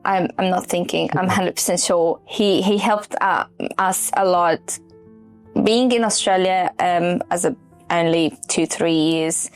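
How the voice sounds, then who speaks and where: A woman from Afghanistan giving a testimonial, retelling events in an animated way and voicing the people she quotes, with soft music underneath. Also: on the low side. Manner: animated storyteller, acting out quoted dialogue. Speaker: client sharing her story. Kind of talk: testimonial interview.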